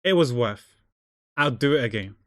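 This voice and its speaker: A man's voice: mid-range voice, animated, normal speed, a bit bright, dry recording, studio quality. A man chatting casually with his viewers while drawing on a livestream, rambling and joking. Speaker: art streamer.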